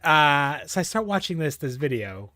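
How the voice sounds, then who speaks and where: A man giving casual, rambling commentary over his gameplay, laughing often and pausing with fillers. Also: fairly high pitch, big pitch swings, pushed and bright, no echo. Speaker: gameplay streamer.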